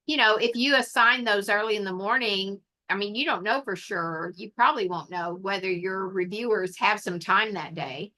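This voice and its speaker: A woman's voice: mid-range voice, sharp tone. A woman explaining things in a casual online meeting, rambling with many fillers, heard over a video call. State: has the hiccups. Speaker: meeting leader.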